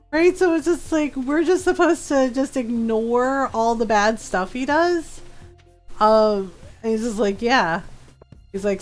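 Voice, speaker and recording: Woman streamer, casual playful chatter, brightish higher register. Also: animated, unhurried, soft background music. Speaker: game streamer. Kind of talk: casual chat while playing.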